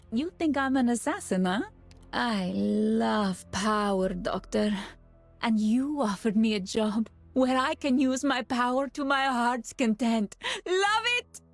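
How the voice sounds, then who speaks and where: An actress playing a gleeful, power-hungry female mercenary in game voice lines, teasing and menacing. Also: high-pitched. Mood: gloating. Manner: playful, menacing, laughing. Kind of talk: English game voice line.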